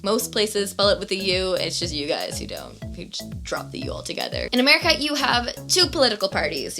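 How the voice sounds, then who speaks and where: A woman's voice: medium pitch, sharp tone. A young woman from Canada with a Canadian accent, talking through a casual list vlog in a chatty way with dry, sarcastic asides. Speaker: vlogger.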